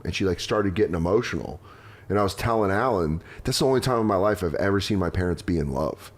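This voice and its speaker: A man's voice: deep voice, lively intonation. A man hosting a podcast, telling rambling personal stories in casual chat and acting out quotes. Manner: rambling storytelling, quick vivid quotes. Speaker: podcast host.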